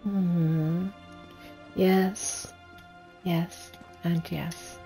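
Woman streamer, casual gameplay commentary, lowish voice, slow pace, unhurried. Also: little pitch movement, warm tone, soft background music. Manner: unhurried, thinking aloud with fillers. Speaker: game streamer.

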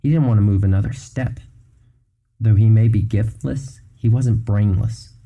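Dark-voiced male audiobook narrator. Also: on the low side, creaky, rough recording. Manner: measured, storytelling. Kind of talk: reading a novel aloud.

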